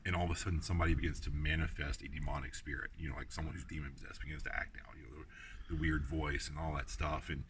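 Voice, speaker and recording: A man's voice: very deep voice, little pitch movement, fast, noisy background. A man from the United States teaching the Bible on site at outdoor ruins, talking loosely with many fillers and restarts. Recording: distant mic with clear outdoor ambience.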